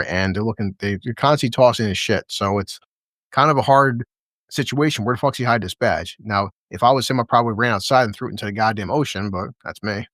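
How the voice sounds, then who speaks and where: A man's voice: lowish voice, dry recording, studio quality. A man casually recapping a TV episode with a co-host, swearing freely, chuckling often and acting out lines from the scenes. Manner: profane, chuckling, retells scenes in lively quoted voices. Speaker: podcast co-host.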